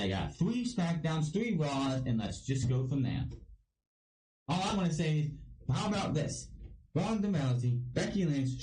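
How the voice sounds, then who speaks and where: A man's voice: fairly high pitch, warm tone, echoey room, distant mic, poor audio. A man from Ohio giving a casual wrestling review, blunt and ranting, swearing freely. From Ohio, United States.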